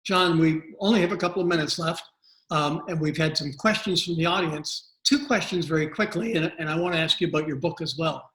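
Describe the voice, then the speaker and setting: A male interview host who briskly moves on to audience questions. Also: on the high side, fairly bright tone, reverberant, rough recording.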